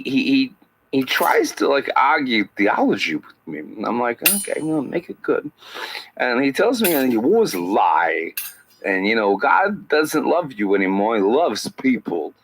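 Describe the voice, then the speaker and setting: A man doing a satirical impression of an older male actor as a podcast guest, speaking in halting phrases with odd pauses. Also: medium pitch, a bit bright, exaggerated voice, poor audio.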